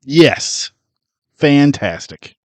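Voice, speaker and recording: A man's voice: fairly high pitch, big pitch swings, extremely slow, no room sound. A man co-hosting a movie podcast in casual chat, joking and doing mocking impressions. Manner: jokey, does mocking impressions. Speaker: podcast co-host.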